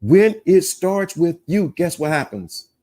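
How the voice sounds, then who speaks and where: A man hosting a live-streamed self-help podcast on relationships preaches emphatically to his chat, repeating himself often. His voice is fairly high with big pitch swings, a dark tone, and a slow pace.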